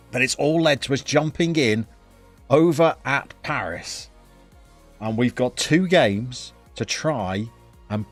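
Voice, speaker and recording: A man's voice: medium pitch, no echo. A middle-aged man, chatting casually as he hosts a live stream and greets viewers by name.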